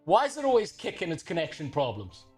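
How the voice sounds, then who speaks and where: A man's voice: a little high, huge pitch swings, fast, a little mellow, breathy edge, faint music behind. A man from Africa, livestreaming and ranting in casual, profane, exasperated talk. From South Africa.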